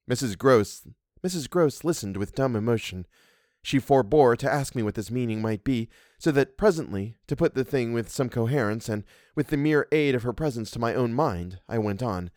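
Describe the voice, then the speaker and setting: A man reads a classic ghost story in a measured, expressive manner. His voice sits at a middle pitch and moves lively up and down. The sound is dry and close, with no room echo. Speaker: reader. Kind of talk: audiobook reading of a classic story.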